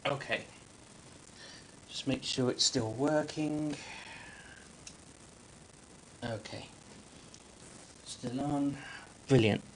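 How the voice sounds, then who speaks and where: A man's voice: mid-range voice, slight background noise. Man telling a rambling joke. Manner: halting, full of fillers and restarts. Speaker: livestream host. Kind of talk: casual joke-telling on a livestream.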